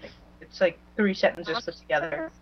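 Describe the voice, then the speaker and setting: A woman's voice: lowish voice, lively intonation, moderate pace, lo-fi sound, a little hiss or hum. A woman in a casual group chat, teasing the others and laughing.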